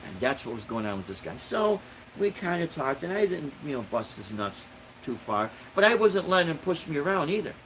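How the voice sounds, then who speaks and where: A man's voice: on the high side, big pitch swings, a little fast, a bit bright, slight background noise, low-quality recording. Blunt, indignant middle-aged man ranting. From Illinois. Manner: blunt, indignant, repeats himself for emphasis. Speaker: busking musician, vlogger. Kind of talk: casual ranting monologue.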